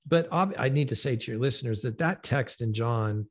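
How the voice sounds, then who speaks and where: A man hosting a podcast who explains his points in a measured, gently emphatic way. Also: medium pitch, breathy edge. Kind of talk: conversational teaching.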